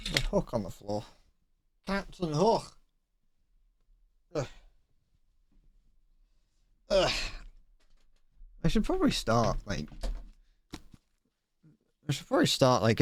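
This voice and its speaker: Streaming a video game live, this man rambles, stumbles over words and restarts his sentences, swearing at the game and sounding a little out of breath. His medium-pitched voice swings widely in pitch, moving slowly with frequent pauses.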